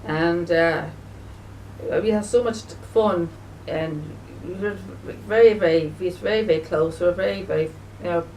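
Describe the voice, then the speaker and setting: A woman video blogger speaking in a casual, halting way, full of fillers and restarts, and sounding emotional and grieving. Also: fairly low pitch, a little mellow, distant mic, a little hiss or hum, poor audio. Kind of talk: casual spoken remembrance.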